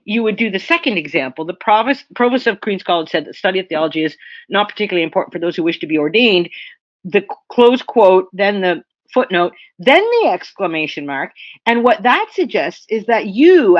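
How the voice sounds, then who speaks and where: Female lecturer, conversational seminar delivery, mid pitch, lo-fi dry recording. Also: fairly bright tone, no room sound. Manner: conversational, checks in with "okay?" and "right?". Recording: dry, dull lo-fi lecture audio.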